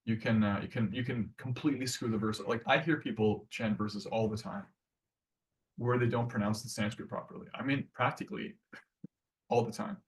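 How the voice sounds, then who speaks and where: A man's voice: fairly low pitch, steady tone, normal speed, recorded from a distance. A man giving a casual devotional class, talking earnestly and conversationally with many restarts.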